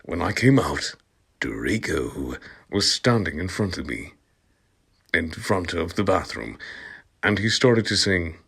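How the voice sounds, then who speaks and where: A man's voice: deep voice, big pitch swings, takes it slowly, vocal fry, pauses often, breathy edge. A man giving an amused, comic reading of a story, breaking off to laugh and comment, sometimes dropping to a whisper. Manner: drops into soft whispers at times. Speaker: channel host reading aloud. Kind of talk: comic reading of fan fiction, ASMR.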